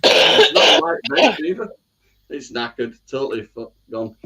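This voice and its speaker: A man's voice: a little high, wildly swooping pitch, moderate pace, creaky, heavy background noise. A blunt, jokey man who swears a lot while chatting on a live stream. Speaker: live stream panel guest. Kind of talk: casual banter. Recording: lo-fi call audio.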